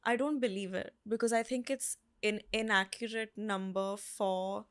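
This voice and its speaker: A woman's voice: mid-range voice, normal speed. A woman in her twenties with an Indian English accent, a guest speaking candidly and expressively in an interview. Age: 20s. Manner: candid, expressive, laughs easily. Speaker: actress guest.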